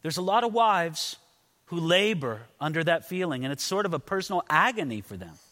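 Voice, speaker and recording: A man's voice: fairly high pitch, very animated, fairly quick, sharp tone, in a large hall. A man preaching an expository sermon as a pastor, earnest and emphatic, often repeating words as he stresses a point.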